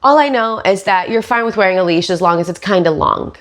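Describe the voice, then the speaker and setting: A woman's voice: mid-range voice, lively intonation, brisk, fairly bright tone. A woman podcast host and stand-up comic giving sarcastic, profane commentary.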